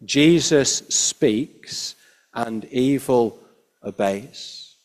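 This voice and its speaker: Man preaching a measured sermon. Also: medium pitch. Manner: measured, emphatic preaching with falling, quiet line endings.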